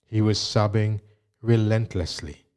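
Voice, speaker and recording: A man narrates a memoir at a very slow, unhurried pace. His voice sits low and sounds dark and mellow. The reading is measured and even throughout. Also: clean tone. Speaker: audiobook reader.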